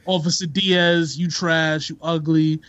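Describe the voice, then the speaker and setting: A man's voice: a little high, level tone, measured pace, a bit bright. A man chatting casually about sports on a podcast, laid-back and slangy, rambling from one thought to the next. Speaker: podcast co-host. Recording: dull lo-fi sound.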